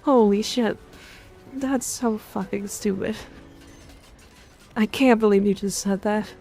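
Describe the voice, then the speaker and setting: A woman streamer talks casually as she plays, excitable and crude, swearing freely. Her voice sits at an ordinary pitch with a gravelly, fried edge, and soft music plays faintly behind her. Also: slow. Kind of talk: casual livestream chat while gaming.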